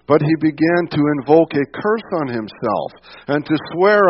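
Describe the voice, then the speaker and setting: A man's voice: medium pitch, lively intonation, normal speed, highs cut off. Conversational male preacher on radio. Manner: conversational preaching, personal asides. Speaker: pastor. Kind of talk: sermon.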